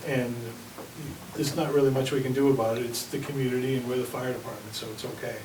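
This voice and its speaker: A man's voice: medium pitch, steady tone, fast talker, background noise. A man, a fire chief, giving a plainspoken report with anecdotes at a town board meeting. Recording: echoey room, mic at a distance.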